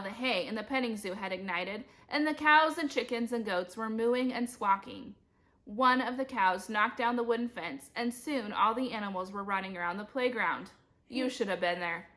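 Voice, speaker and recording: Bright-voiced woman reading a storybook. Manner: lively, shouts characters' lines in high voices. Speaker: reader. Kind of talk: reading a children's chapter book aloud.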